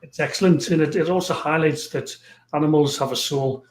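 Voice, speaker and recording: A man hosting a live stream, chatting with a guest and reading out viewer comments in a halting, friendly way. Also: a little high, darkish tone, a little hiss or hum. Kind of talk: casual interview chat. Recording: roomy echo.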